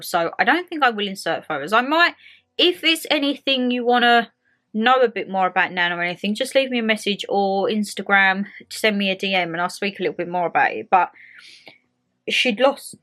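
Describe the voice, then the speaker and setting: A young woman with an Essex accent chatting to camera as a vlogger, telling a story in a lively way and acting out the people in it. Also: mid-range voice. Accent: Essex English. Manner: chatty, animated storytelling with acted quotes. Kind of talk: casual chat to camera. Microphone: handheld phone camera.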